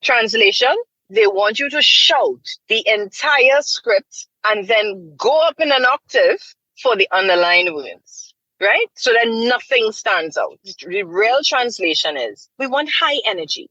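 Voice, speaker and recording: A woman's voice: mid-range voice, a little slow, no echo, muffled recording. A middle-aged woman, a voice artist, chatting animatedly and wryly about her work in an interview. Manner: animated, wry storytelling with quoted asides. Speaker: voice artist guest. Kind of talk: casual interview talk.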